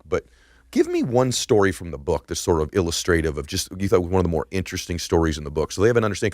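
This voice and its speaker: Deep-voiced lively male podcast host. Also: dry recording, studio quality. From United States. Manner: eager, restarts questions, quotes catchy sayings. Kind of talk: interview conversation.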